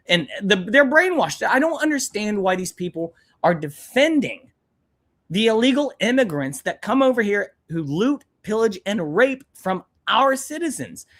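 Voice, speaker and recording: A man's voice: sits high, big pitch swings, a little slow, fairly bright tone. A young man hosting a live stream, ranting angrily and bluntly with plenty of swearing. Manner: angry, profane, blunt ranting.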